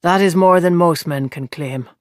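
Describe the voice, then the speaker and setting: A man's voice: normal speed, no room sound, clean studio sound, natural voice. A man voicing a weary old drunk gleeman. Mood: maudlin. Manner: low, murmuring, rueful. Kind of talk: audiobook character voice.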